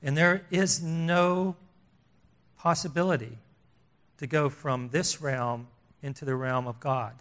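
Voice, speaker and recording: An older man preaching a sermon, emphatic and repetitive, swinging between loud stresses and hushed lines. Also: fairly high pitch, takes it slowly, pauses often.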